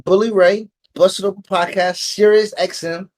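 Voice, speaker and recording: A man's voice: high voice, moderate pace, hardly any pauses, darkish tone. A man co-hosting a podcast in casual chat, emphatic and hyped, repeating his catchphrases. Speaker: podcast co-host.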